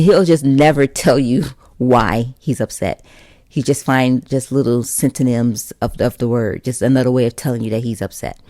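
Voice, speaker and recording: A woman's voice: extremely low pitch, dark tone, no room sound, studio quality. A young woman hosting a casual podcast, talking straight to her listeners, chatty and direct. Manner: chatty and direct, addresses listeners as you guys. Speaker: podcast host.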